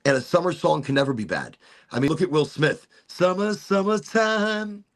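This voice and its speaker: Gravelly man telling a rowdy story. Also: medium pitch, fast talker. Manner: animated, swearing, slips into mock British accents for quoted people. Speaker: host. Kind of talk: casual storytelling chat.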